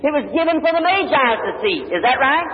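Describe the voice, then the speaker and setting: A man's voice: very high voice, big pitch swings, a little fast, a little hiss or hum. A man preaches an earnest testimony, acting out his prayers and conversations. The old recording sounds thin and phone-like, with a long echo from the hall around him. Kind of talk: sermon testimony.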